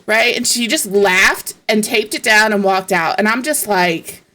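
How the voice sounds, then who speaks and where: A woman's voice: a little high, brisk, hardly any pauses, pushed and bright. A woman streamer in casual chat, telling stories in a profane, exasperated way.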